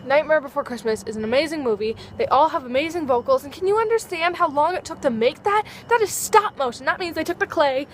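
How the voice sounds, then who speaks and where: A woman's voice: high voice, fast talker, hardly any pauses, slight background noise. A teenage girl vlogging outdoors at dusk, chatting in a bubbly, rambling way and acting out little dialogues. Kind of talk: casual chat to camera.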